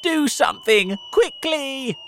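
A man's voice: high-pitched, huge pitch swings, measured pace, background noise, voice pushed up, full character voice. A man voicing an anxious, worrying earthworm in a storybook reading. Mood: frantic.

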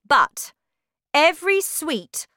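A woman voicing a cruel, bossy female witch leader who shouts her orders with scorn, in a storybook reading. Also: sits high, sing-song, slow, pitched above the performer's own voice, full character voice. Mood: scornful, commanding. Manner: shouting, commanding, contemptuous.

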